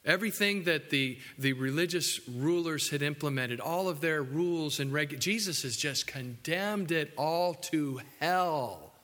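Pastor guy preaching, bright punchy voice, long church-hall reverb. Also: a little high, a little slow, few pauses. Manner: animated, acts out quotes, jokes with the congregation. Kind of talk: sermon. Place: church building.

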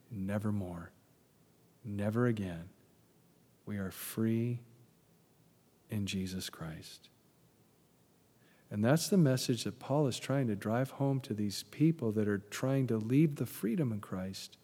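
A man pastor preaching a sermon, animated and emphatic, then dropping into soft prayer. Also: lowish voice. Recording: long hall reverb.

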